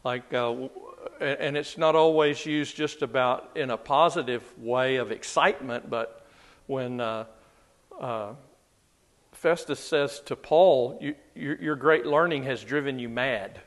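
A man teaching a Bible passage in a relaxed, chatty way, often chuckling as he talks. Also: mid-range voice, a little slow.

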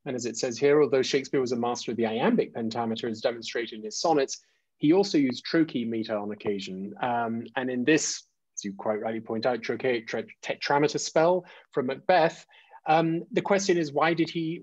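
A man's voice: medium pitch, brisk, no room sound, dull audio. A man co-hosting a teacher webinar, explaining with many fillers and restarts. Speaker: educator webinar co-host. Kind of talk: professional development webinar presentation.

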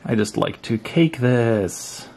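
A man narrating a casual hobby crafting tutorial at home in a relaxed, chatty way, with frequent fillers. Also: medium pitch, slow, slight background noise. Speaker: crafting vlogger.

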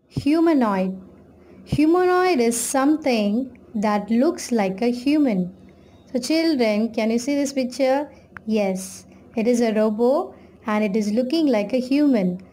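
Slow, patient woman teacher. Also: on the high side, dark tone. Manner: slow, patient explanations addressed to children. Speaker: school teacher. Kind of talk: explaining a lesson to children. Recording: echoey room with faint noise.

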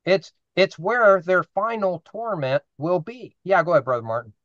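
A man's voice: high voice, sing-song, moderate pace, a bit bright, no echo, highs cut off. A man leading an informal Bible study, explaining scripture earnestly and putting questions to the group.

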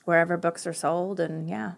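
A middle-aged woman with a Southern US accent, chatting as a podcast guest, quick-talking and often laughing. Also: fairly low pitch, fairly even intonation, vocal fry. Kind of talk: casual conversational interview.

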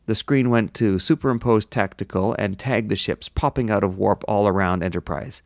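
Guy reading a sci-fi novel aloud at home, steady, lowish voice, dry close mic. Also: moderate pace, hardly any pauses, no echo. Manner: steady narration with self-deprecating asides. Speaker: audiobook reader.

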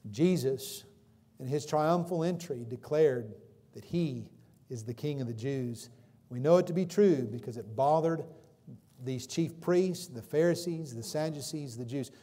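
A male pastor preaching a sermon in a church, swinging between loud emphatic calls and quieter explanation, with frequent questions to the congregation. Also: medium pitch, unhurried. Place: church sanctuary. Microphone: livestream recording from the pulpit.

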